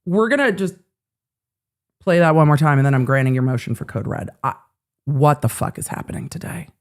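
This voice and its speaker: A woman's voice: sits low, animated, fairly quick. A woman hosting a live legal commentary stream, talking casually and profanely with her chat and riffing on courtroom moments. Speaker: legal commentary livestream host.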